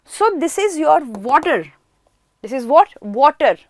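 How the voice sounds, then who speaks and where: Woman, chemistry teacher, slightly high voice, dry close sound, asks and answers her own questions, repeats key words. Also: big pitch swings, a little slow, dry recording. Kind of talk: online classroom lesson.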